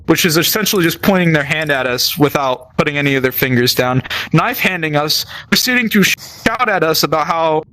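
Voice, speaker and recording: A man's voice: a little high, lively intonation, brisk, hardly any pauses, sharp tone. Rambling young man telling stories. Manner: rambling, lots of fillers and restarts. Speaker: gamer telling military stories. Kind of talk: casual storytelling while gaming.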